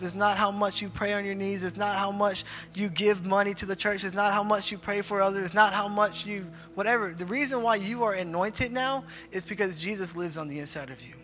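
Speaking fairly quickly with few pauses, a youth pastor keeps his high voice steady and sharp-toned. His casual youth sermon in a church hall ends in an altar call, and he repeats phrases informally while leading the group in prayer. Faint music and hall reverb fill the recording.

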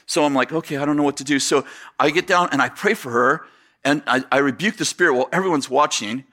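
Animated, bright-voiced male preacher. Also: fairly high pitch, quick pace. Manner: animated storyteller acting out dialogue, many fillers and restarts. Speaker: pastor. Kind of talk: sermon with storytelling.

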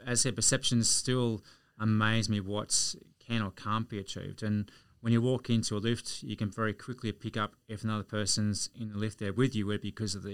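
A man's voice: on the low side, gravelly, clear, resonant tone, no echo. An Australian man, a podcast guest, telling anecdotes in a chatty way. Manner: chatty, anecdotal, chuckles through stories. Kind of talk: casual storytelling.

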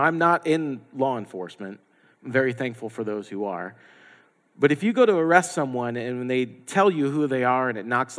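A man preaching a sermon as the pastor, animated and lively, acting out the quotes he tells. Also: mid-range voice. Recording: long hall reverb.

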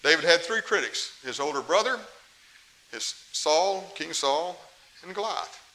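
A man's voice: a little high, expressive, unhurried, pushed and bright, rough recording. A middle-aged man preaching a sermon in a folksy, emphatic way, with asides to the congregation. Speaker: pastor. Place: church. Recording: faint hiss, 1990s tape.

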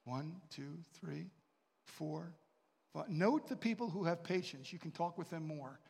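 A man's voice: on the high side, expressive, measured pace, vocal fry, a little mellow, slightly rough. Man, pastor, sermon, storytelling, long hall reverb. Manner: storytelling, with asides and questions to the congregation.

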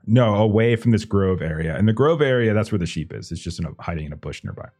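A man with a somewhat low voice narrates a tabletop adventure as game master. He talks loosely and hesitantly, full of fillers and restarts. Faint music plays behind him. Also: lively intonation, fast, a little mellow. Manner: hesitant, lots of kinda and uh.

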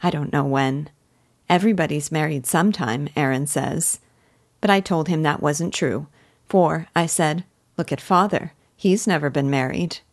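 A woman voicing a gentle, loving young village woman in a classic novel read aloud, speaking softly and earnestly. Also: low-pitched, normal speed, dry recording, studio quality. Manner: soft, earnest and affectionate.

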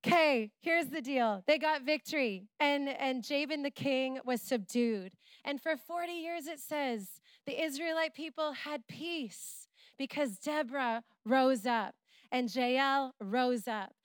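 A middle-aged woman preaching a sermon in church, retelling a story with playful asides and animated energy. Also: high-pitched, slow, no echo. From Canada.

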